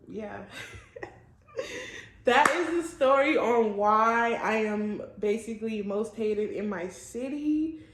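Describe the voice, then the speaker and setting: A woman's voice: on the high side, fairly bright tone, slight background noise. A young woman vlogger telling a casual storytime, blunt and profane, laughing often. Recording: echoey room.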